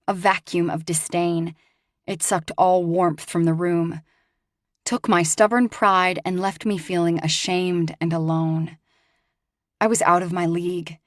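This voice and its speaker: A woman narrating a first-person romance audiobook with expressive, rising emphasis. Her voice sits on the lower side, recorded close and dry with no room sound. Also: a little slow, no echo.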